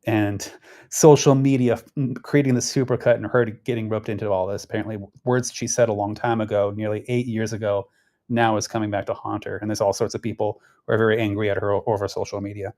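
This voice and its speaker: A man's voice: on the low side, flat delivery, fast, a little mellow. Rambling man talking politics. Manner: rambling, conversational, frequent restarts and fillers. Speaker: political commentary host. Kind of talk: casual political commentary.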